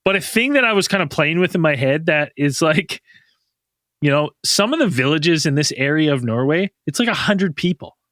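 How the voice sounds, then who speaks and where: A man's voice: a little high, lively intonation, moderate pace, fairly bright tone, no echo, studio quality. A man co-hosting a podcast in casual chat, joking, swearing a lot and laughing often. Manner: profane, jokey, laughs often. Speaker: podcast co-host.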